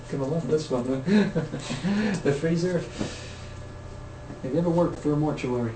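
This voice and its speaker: A man's voice: on the high side, slow. A man improvising a smug, sardonic male pet store manager in a comedy sketch. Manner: smug, mocking. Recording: echoey room, distant noisy mic.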